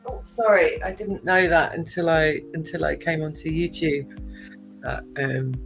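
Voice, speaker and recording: A woman with a posh English accent talks in a low, unhurried voice, chatty and quick to laugh, with plenty of little fillers. Faint music plays behind her. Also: steady tone, vocal fry, poor audio. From United Kingdom. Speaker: guest on a livestream chat. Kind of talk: casual chat.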